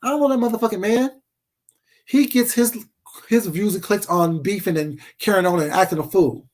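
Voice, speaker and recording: High-voiced man on a profane rant. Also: normal speed, a little mellow. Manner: profane, confrontational, combative. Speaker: vlogger. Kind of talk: casual rant to camera.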